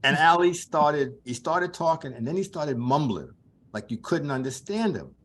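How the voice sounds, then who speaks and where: A man's voice: a little high, very animated, moderate pace, a bit bright, a little hiss or hum. An older man, a guest sports journalist, telling rambling anecdotes in a casual chat, chuckling now and then.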